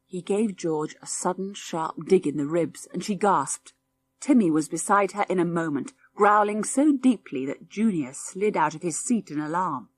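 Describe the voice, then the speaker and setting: A woman narrating an audiobook, telling the story in a clear, expressive way. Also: fairly low pitch, normal speed. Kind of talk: scripted narration.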